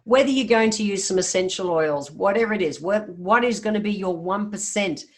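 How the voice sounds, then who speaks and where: A woman's voice: mid-range voice, fairly quick. Chatty Australian woman podcast host. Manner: chatty, upbeat, addresses listeners as guys. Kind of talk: casual solo podcast talk.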